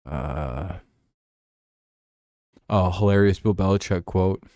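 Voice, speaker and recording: A man with a fairly low voice rants about football on his own show, profane and sarcastic. The sound is dry and close, with no room around it. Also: slow, mellow, dry recording. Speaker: host. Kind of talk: casual football talk show.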